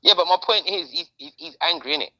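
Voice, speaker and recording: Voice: medium pitch, quick pace, pushed and bright, highs cut off. A podcast host, chatting casually in slang and repeating phrases for emphasis. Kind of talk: casual chat.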